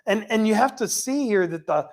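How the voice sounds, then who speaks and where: A woman teaching a casual Bible study, reading scripture aloud and paraphrasing it in lively, chatty asides, often laughing. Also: mid-range voice, moderate pace.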